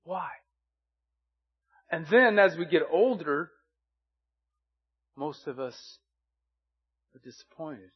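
A man's voice: a little high, expressive, slow pace, pauses often, husky, muffled recording. A man preaching a sermon as pastor, earnest and fond of repeated rhetorical questions.

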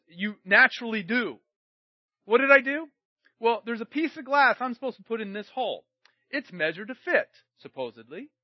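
High-voiced impassioned preacher man. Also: no room sound. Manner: impassioned, swings between shouting and quiet storytelling. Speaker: pastor. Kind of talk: sermon. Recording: dry, muffled recording.

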